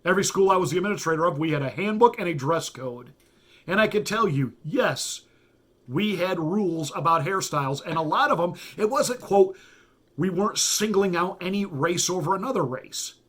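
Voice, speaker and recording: A middle-aged pastor talks straight to his audience in a political monologue. He is emphatic and folksy, and he doubles words for stress. His voice sits a bit high for a man. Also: expressive, normal speed, a bit bright. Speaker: pastor and commentator.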